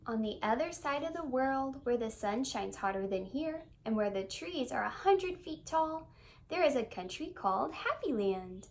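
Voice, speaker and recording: A woman reading a children's picture book aloud in an expressive, singsong storytelling manner. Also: high voice, moderate pace.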